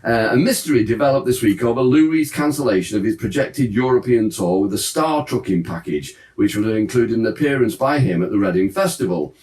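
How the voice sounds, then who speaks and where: A chatty man hosting a relaxed talk, laughing easily as he goes. His voice moves up and down a lot. He sits a little back from the mic in an echoey room. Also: mid-range voice, fairly quick, few pauses. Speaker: host. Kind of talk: casual chat about old music papers. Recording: roomy sound from a distance.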